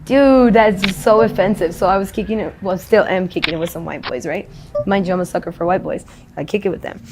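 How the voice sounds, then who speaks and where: A woman's voice: mid-range voice, brisk, noisy background. A woman speaking in a casual street interview, rambling and blunt, swearing freely.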